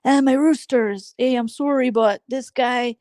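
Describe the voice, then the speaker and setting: A man's voice: very high-pitched, measured pace, a little mellow, no room sound, clean studio sound, voice pushed up. A woman mimicking a rambling man who keeps roosters, talking in an apologetic, offhand way. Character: rambling male rooster keeper, rough and offhand.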